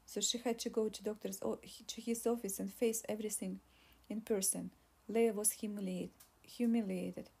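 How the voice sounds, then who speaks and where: A woman's voice: medium pitch, dark tone, slightly rough. A woman narrating an audiobook, with frequent restarts.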